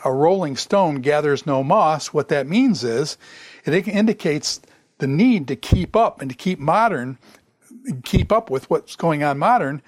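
A man's voice: a little high, no room sound, clean studio sound. Man giving a casual classroom lecture. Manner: conversational, repeats phrases, frequent "okay?".

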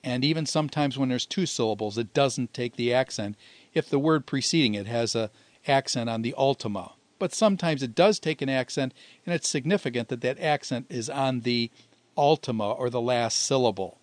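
A man's voice: medium pitch, dry recording. Methodical man teaching grammar, dry sound. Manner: patient, methodical explaining, slowing to spell out forms. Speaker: Greek teacher. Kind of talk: recorded grammar lecture.

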